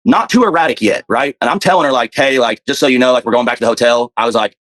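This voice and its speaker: Fast-talking man telling a story. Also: medium pitch, a bit bright. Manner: fast, profane, repeats himself. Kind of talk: casual storytelling.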